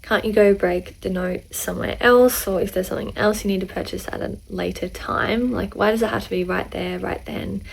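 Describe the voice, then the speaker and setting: A woman hosting, reacting to clips with measured, exasperated comments. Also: medium pitch, fairly even intonation, gravelly, a little hiss or hum, rough recording.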